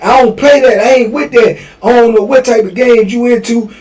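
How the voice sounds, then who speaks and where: A man's voice: very high-pitched, brisk, a little mellow, distant mic, voice pushed up. A man voicing a stern, fed-up woman prison guard who scolds and warns an inmate. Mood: scolding. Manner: scolding, warning.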